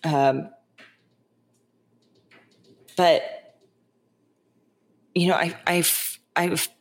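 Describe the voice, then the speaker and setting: Low-voiced woman chatting on her podcast, animated, keeps saying right?. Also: extremely slow. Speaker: podcast host. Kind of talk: casual spiritual monologue.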